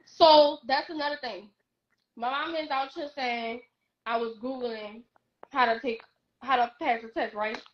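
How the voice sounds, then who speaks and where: High-voiced young woman telling a story. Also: measured pace, highs cut off, slight background noise. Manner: animated, emphatic, acts out what others said. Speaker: guest. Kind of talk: casual storytelling on a live stream.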